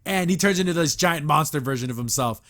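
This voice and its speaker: A man's voice: on the high side, lively intonation, quick pace, fairly bright tone. A man hosting a podcast, casually reviewing a cartoon episode, retelling scenes, quoting characters and laughing often. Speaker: podcast host.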